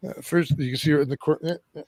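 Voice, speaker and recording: A man's voice: on the high side, steady tone, very fast, a little mellow. A man co-hosting a podcast, talking earnestly with frequent restarts and easy laughs, wearing earbuds. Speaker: podcast co-host. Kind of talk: casual chat. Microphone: earbud headset.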